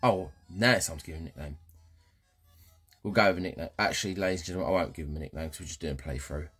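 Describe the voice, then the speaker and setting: Male let's-player, low husky voice, cheeky banter to viewers. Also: racing, a bit bright, faint music behind. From England. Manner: cheeky, banter-heavy, keeps addressing viewers. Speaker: gaming channel host. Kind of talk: casual let's-play commentary.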